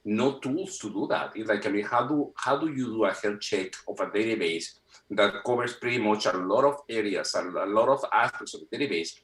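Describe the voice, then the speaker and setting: A man's voice: fairly low pitch, a little fast, fairly bright tone. A middle-aged man from Mexico with a Mexican accent, speaking English as a second language. He is a guest telling stories animatedly, with many restarts and repeated words, over a video call. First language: Spanish. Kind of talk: casual storytelling interview. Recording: roomy echo.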